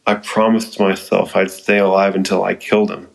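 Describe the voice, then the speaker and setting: A man's voice: deep voice, little pitch movement, moderate pace, gravelly, rough recording. A man reading the lines of a proud, wounded teenage boy ninja who speaks curtly and aloofly.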